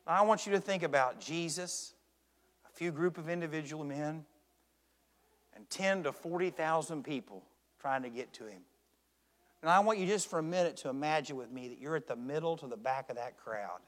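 A man preaching a sermon as pastor, swinging between hushed intensity and shouted emphasis. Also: on the high side. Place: church sanctuary. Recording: long church reverb.

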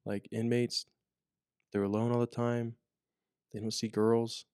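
A man's voice: medium pitch, level tone, unhurried, a little mellow, smooth, no echo, studio quality. A young man chatting casually on a podcast, rambling with lots of fillers and restarts. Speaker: podcast co-host, corrections officer. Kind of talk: casual chat.

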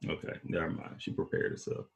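A man with an East Texas accent hosting a casual chat, talking slowly in a laid-back drawl. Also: dull audio. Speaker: podcast host.

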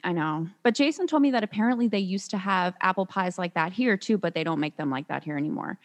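A woman's voice: on the low side, lively intonation, fast talker. A young woman co-hosting a casual podcast, recapping a reality show in a chatty way full of fillers. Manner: chatty, filler-heavy, lots of "like" and laughter. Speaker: podcast co-host.

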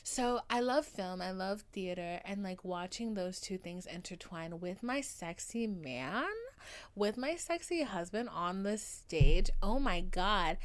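Overdramatic, gushing young woman podcaster. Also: medium pitch. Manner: overdramatic, gushing, swearing freely, with sudden loud outbursts. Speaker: podcast host. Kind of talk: solo podcast monologue.

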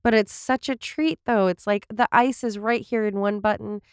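A woman's voice: mid-range voice, steady tone, normal speed, clear, resonant tone, no room sound, clean studio sound. A woman co-hosting a podcast in casual chat, laughing often and stumbling over words as she reads episode summaries. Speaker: podcast co-host.

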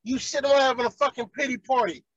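A man's voice: very high voice, very fast, a bit bright, breathy edge, dry recording, dull audio. A man, ranting heatedly and profanely in casual chat as a podcast co-host.

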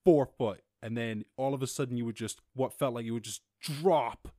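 A man hosting a podcast, telling a rambling, animated story in a casual monologue. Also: moderate pace, no room sound, clean studio sound. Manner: rambling, animated, mimics others in high voices. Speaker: podcast host.

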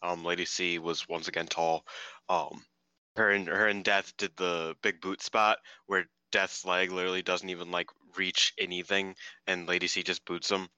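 A very deep-voiced man rambling through casual podcast chat and swearing freely. His tone is strikingly sharp and forward. His voice sounds smooth and resonant, even as he trips over his words. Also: moderate pace, no echo, rough recording. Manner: rambling, swears freely, lots of fillers and restarts. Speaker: podcast co-host.

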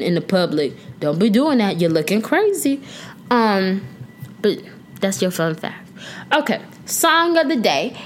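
A woman's voice: medium pitch, slight background noise. A young woman hosting a casual solo podcast, chatting playfully with slang and now and then breaking into song. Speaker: podcast host.

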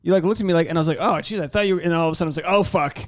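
A man in his thirties co-hosting a podcast in casual chat, an animated storyteller who swears freely and acts out quotes. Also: on the high side, rapid-fire, no echo. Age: 30s. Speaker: podcast co-host. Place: home.

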